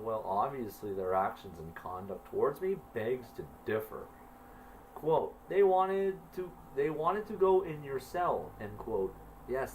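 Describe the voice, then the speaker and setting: A man's voice: fairly high pitch, far from the mic, slight background noise, rough recording. A man reading his own journal entries aloud, stiffly, then breaking off into loose, swearing asides.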